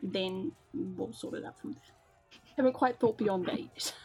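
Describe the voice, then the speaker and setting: A woman's voice: medium pitch, measured pace, gravelly, darkish tone, slightly rough, faint music behind. A woman playing a tabletop game, giggly and talking in character. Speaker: player.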